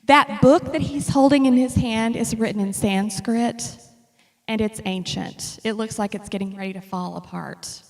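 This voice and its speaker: A woman's voice: on the high side, moderate pace. A woman giving a casual, humorous talk about her travel slides to an audience. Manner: chatty and humorous, lively storytelling. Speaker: speaker presenting travel slides. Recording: long reverb of a hall.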